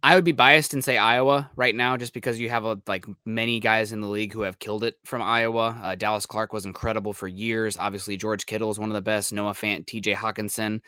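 A man co-hosts a casual sports podcast in a bright, forward voice, rambling cheerfully and leaning on plenty of ums and uhs. The sound is dry and close, with no room around him. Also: lowish voice, steady tone, fairly quick, few pauses, smooth, no room sound. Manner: rambling, upbeat, filler-heavy. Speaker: podcast co-host.

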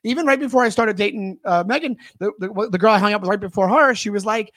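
A man's voice: high voice, fast, few pauses, a bit bright, dry recording, clean studio sound. A man in casual conversation, chatty and full of advice, acting out little quoted lines as he talks. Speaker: podcast co-host. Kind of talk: casual chat.

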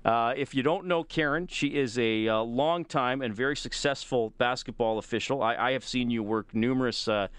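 A man's voice: fairly low pitch, fairly bright tone, smooth, no room sound. Man hosting sports radio. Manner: conversational, with frequent fillers and restarts. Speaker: radio sports show host. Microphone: studio microphone.

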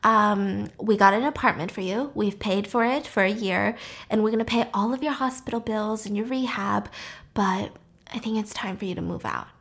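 A gently firm male music teacher with a quiet, measured delivery, put on by a woman retelling a film. His words come out low-key and hushed rather than stern. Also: lightly acted.

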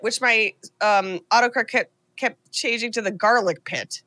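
A young woman hosting a podcast, recapping a movie in a casual, animated way with swearing and laughter. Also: a little high, moderate pace, hardly any pauses, no echo. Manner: animated, swears and laughs while retelling scenes. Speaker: podcast host.

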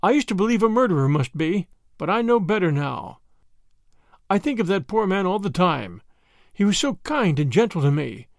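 A man's voice: high-pitched, sing-song, normal speed, no echo, clean studio sound. A man voicing a kindly, stubborn old grandmother who speaks earnestly and plaintively.

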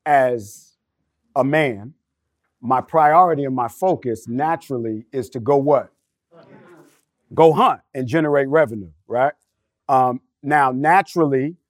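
A man's voice: fairly high pitch, dry recording, clean studio sound. A middle-aged man telling a personal story on a panel, acting out the voices in his dialogue. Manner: storytelling, animated, acts out quoted dialogue. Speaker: panel guest. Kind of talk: casual panel discussion.

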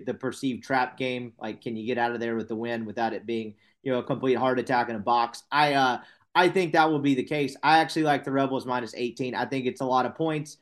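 A man co-hosting a sports podcast, giving college football picks in a casual, joking way with frequent self-corrections. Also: mid-range voice. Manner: chatty, self-correcting, tongue-in-cheek. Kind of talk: casual sports betting chat.

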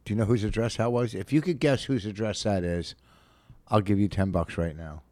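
An older man with a lowish voice teases his co-host bluntly and plays with her in comic back-and-forth. He is recorded close on a studio mic with a dry sound and no room behind it. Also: normal speed, darkish tone, dry recording. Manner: blunt and teasing. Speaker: podcast co-host. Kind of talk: bickering comedic banter. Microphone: studio microphone.

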